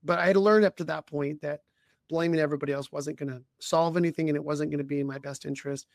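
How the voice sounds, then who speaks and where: A man who coaches leaders tells a personal story in a voice that sits a little higher than most men's. He talks haltingly, restarts his sentences often and keeps clearing his throat. The sound is dry and close, with no room echo. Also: fairly even intonation. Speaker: leadership coach and podcast co-host. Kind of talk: conversational storytelling.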